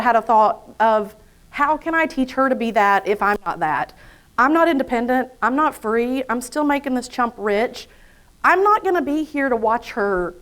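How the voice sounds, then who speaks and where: A woman giving a live motivational talk to an audience in an event room, a chatty, self-deprecating storyteller who acts out her own inner thoughts. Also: a little high. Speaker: invited speaker.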